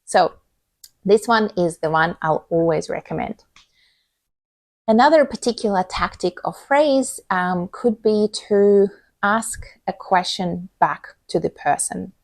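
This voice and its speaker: A woman with a lowish, gravelly voice gives communication advice straight to camera. She sounds earnest and reassuring as she lays out examples one by one. The sound is dry and close, with no room echo. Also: a little mellow. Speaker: communication coach.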